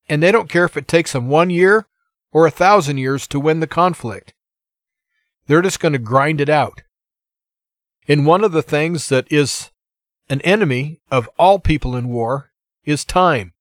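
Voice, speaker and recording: A man's voice: a little high, no room sound, studio quality. An American man hosting his own channel, giving an earnest, indignant political commentary monologue. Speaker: channel host.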